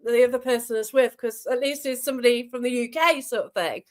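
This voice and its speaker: A woman's voice: fairly high pitch, steady tone, quick pace. A woman hosting a podcast, chatting casually and often asking for agreement. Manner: chatty, seeks agreement with tag questions. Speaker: podcast host. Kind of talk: casual chat.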